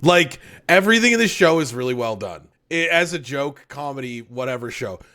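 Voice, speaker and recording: A man chatting on a podcast, excitable and joking, swearing freely as he reacts to an anime. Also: mid-range voice, fairly quick. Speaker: podcast co-host. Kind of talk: casual podcast chat.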